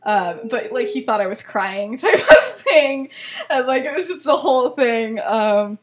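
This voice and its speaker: Slightly slow and expressive, this podcast co-host has a voice on the higher side. She giggles her way through retelling a story in relaxed chat, leaning heavily on "like" and "um."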